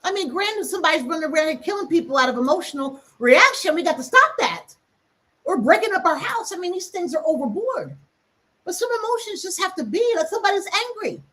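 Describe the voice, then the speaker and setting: A woman hosting a reflective teaching talk, speaking emphatically and acting out quick asides. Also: very high-pitched, very animated, bright, forceful tone. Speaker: host.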